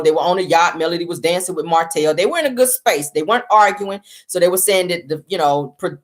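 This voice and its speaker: A woman hosting a casual reality-show recap, talking to viewers as y'all and retelling what was said. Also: sits low. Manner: chatty, addresses viewers as y'all, retells quotes.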